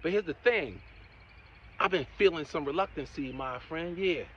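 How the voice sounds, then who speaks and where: A man giving a motivational talk in a preachy, encouraging way, often saying "my friend" and "right?", and swinging between loud emphatic bursts and quiet asides. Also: on the high side, normal speed, muffled recording, a little hiss or hum. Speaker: motivational speaker.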